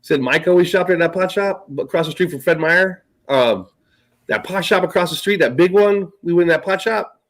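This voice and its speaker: A man co-hosts a casual talk show, rambling through stories, swearing often, and trailing off. His voice sits high and moves at a normal speed, and the recording is rough.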